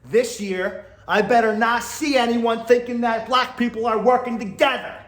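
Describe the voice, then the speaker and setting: Man, blunt casual commentary, high voice, echoey room. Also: fairly even intonation, moderate pace, fairly bright tone. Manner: blunt, exasperated, laughs often. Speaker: podcast host.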